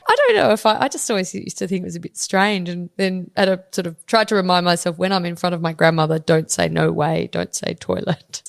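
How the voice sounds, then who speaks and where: Gravelly woman host, dry sound. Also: lowish voice, expressive, fast, few pauses, no echo. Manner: chatty, asks leading questions. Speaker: interview host. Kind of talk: conversational interview.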